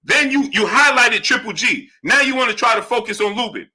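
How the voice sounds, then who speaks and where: A man's voice: very high-pitched, animated, fairly quick, sharp tone, husky. A man hosting a live boxing stream, arguing with chatters and greeting them by name. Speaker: livestream host. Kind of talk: live chat boxing talk.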